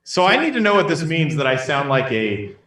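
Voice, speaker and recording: Bright-voiced man, roomy and distant. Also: fairly high pitch, very animated, brisk. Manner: joking, rambling with restarts. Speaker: podcast co-host. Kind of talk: casual chat. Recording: roomy echo, distant from the mic.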